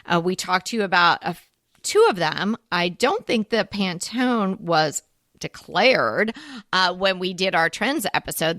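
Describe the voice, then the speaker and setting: A woman's voice: medium pitch, a bit bright, dry recording, studio quality. A woman co-hosting a home decorating show, talking in a casual, musing way with fillers. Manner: chatty, musing, with fillers and laughs. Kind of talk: casual conversational chat.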